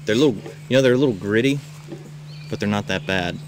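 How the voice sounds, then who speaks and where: A man, a camp counselor, telling campers a wild tall tale, shouting out the characters' lines. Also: on the low side, fast. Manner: animated, shouts quoted lines. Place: outdoors at a rural camp. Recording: noisy outdoor camcorder recording.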